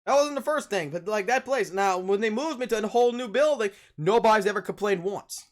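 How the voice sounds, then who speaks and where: A man's voice: high-pitched, fairly quick. A man from Louisiana who hosts a stream, chatting casually while gaming and cursing freely as he plays. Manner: profane, animated, yelling at the game. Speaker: streamer and podcast host.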